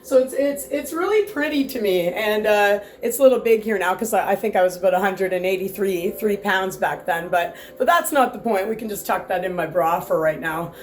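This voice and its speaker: A woman's voice: mid-range voice, a little fast, hardly any pauses, a little hiss or hum. A woman vlogging from home in a casual, heated rant, rambling and swearing with lots of restarts, filmed by a camera set far back in the room. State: sore back.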